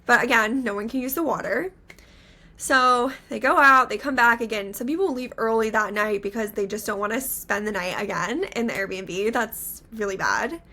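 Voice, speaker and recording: Bright-voiced young woman telling a story. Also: on the high side, normal speed. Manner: animated, many filler "like"s. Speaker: podcast co-host. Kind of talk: casual storytelling chat.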